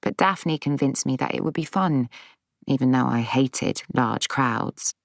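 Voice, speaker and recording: A woman reading a story aloud as narrator, unhurried, giving the characters' lines light voices. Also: a bass voice, vocal fry, no room sound. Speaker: audiobook narrator. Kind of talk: scripted narration.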